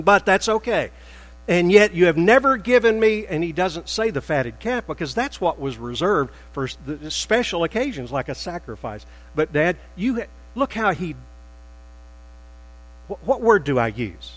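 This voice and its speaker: A man preaching a sermon as pastor, emphatic and animated, acting out quoted lines with rising bursts. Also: fairly high pitch, big-room sound, rough recording.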